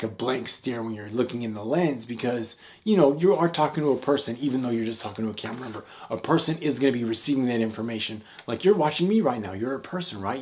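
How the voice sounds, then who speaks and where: A man giving a seated, direct-to-camera coaching tutorial, talking conversationally and often checking in with "all right?". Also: medium pitch. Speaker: video confidence coach. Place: indoors, seated.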